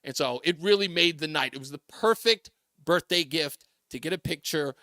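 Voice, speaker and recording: A male talk radio host telling a funny personal story in a lively way, often raising his voice to quote people and laughing as he goes. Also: fairly high pitch, normal speed, dry recording, clean studio sound.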